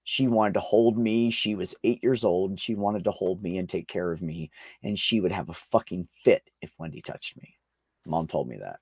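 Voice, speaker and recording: A man's voice: sits low, normal speed, slightly rough, dry recording, clean studio sound. A man in casual conversation, telling a long personal story with frequent swearing and restarts. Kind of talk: casual chat.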